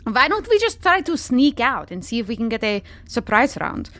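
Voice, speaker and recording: A woman playing a tabletop game in a playful, quick-witted way. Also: fairly high pitch, very animated, bright, forceful tone. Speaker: player. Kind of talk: casual tabletop play.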